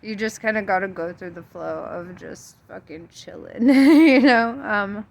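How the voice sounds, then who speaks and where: A woman's voice: medium pitch, a little slow, vocal fry. A young woman talking casually to her camera, rambling, giggling often and swearing freely. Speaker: tarot vlogger.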